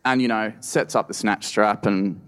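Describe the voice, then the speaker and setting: A man's voice: fairly low pitch, steady tone, moderate pace, fairly bright tone, smooth. An Australian man telling a true story on stage at a live storytelling event, wry and conversational with lots of "you know". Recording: reverberant live hall.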